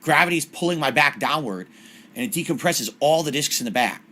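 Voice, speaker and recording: Forty-ish guy streaming, blunt and cranky with chat, bright forceful voice. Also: fairly high pitch, expressive, a little fast. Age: 40s. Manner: blunt, irritable, insulting chat.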